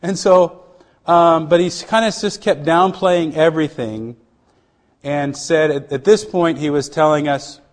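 A middle-aged missionary man with a slightly high voice gives his personal testimony. The delivery is heartfelt and halting, with frequent restarts and a drop to a hush at tender moments.

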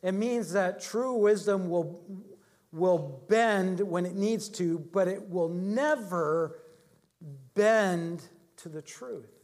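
A man's voice: high-pitched, slow, a little mellow. Male pastor telling sermon stories. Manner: conversational storytelling, chuckles often. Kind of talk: sermon with personal anecdotes.

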